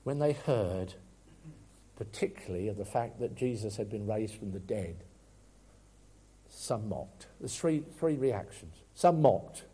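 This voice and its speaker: Earnest preacher, mellow voice. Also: male voice, lowish voice, lively intonation, moderate pace, husky. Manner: earnest preaching, swings between loud emphasis and quiet asides. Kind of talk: sermon.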